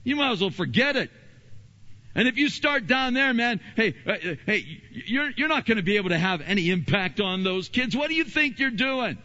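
A man's voice: high-pitched, lively intonation, moderate pace, sharp tone, lo-fi sound, voice pushed up. A man doing a sneering, taunting tempter spirit. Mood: mocking. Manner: taunting, scornful.

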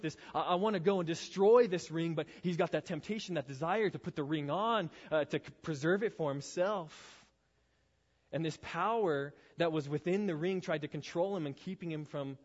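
Man, youth pastor giving a chatty sermon, slightly high voice, reverberant hall. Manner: conversational storytelling, casual asides. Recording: reverberant hall, dull lo-fi sound.

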